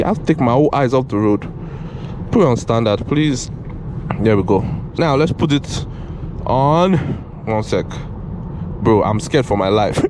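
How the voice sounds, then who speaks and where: A man giving casual, excitable commentary from inside a car, talking to the car and repeating himself as he drives. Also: medium pitch, noisy background. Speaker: car reviewer.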